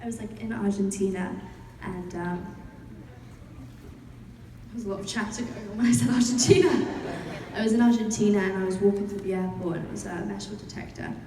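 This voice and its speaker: A woman's voice: medium pitch, steady tone, fairly quick, pauses often, mellow, distant mic, slight background noise. A young woman chatting and telling stories to fans at a convention panel, laughing as she goes. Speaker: actor answering fan questions at a panel. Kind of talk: casual chat. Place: large convention hall. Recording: echoey hall, heard from afar.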